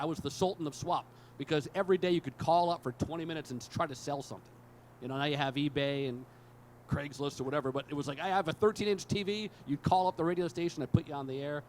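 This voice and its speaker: A man's voice: on the high side, slight background noise. A male sportscaster on a panel, telling joking, self-deprecating stories about his early radio days. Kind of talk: panel talk, storytelling.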